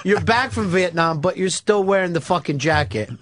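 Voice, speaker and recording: High animated guy cracking crude jokes, lots of people chattering around. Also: normal speed, a crowd in the background. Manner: crude, laughing riffs. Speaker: radio host. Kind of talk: casual radio talk show banter.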